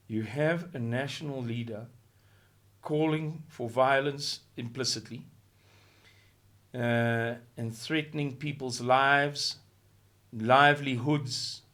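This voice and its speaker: A South African man delivers an impassioned, rhetorical video commentary as a monologue. His medium-pitched voice swings from hushed tones to shouting, and he repeats words for emphasis.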